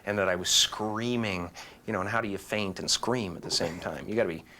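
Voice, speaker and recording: A man with a fairly low, bright, forceful voice tosses off deadpan jokes in an interview. He slips into goofy noises at will. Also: a little fast, slight background noise. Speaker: actor guest. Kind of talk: joking interview answers.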